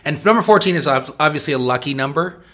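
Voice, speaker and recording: A man's voice: a little high, animated, fast, pushed and bright, a little hiss or hum. A man being interviewed as a band member, chatting playfully with rambling asides. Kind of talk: casual interview chat.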